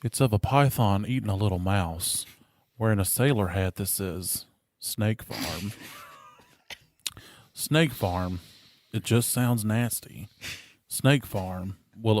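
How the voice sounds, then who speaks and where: A man's voice: lowish voice, darkish tone, slight background noise. A man co-hosting a podcast, chatting casually and reading aloud in a dry, mock-serious way, giggling between lines. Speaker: podcast co-host.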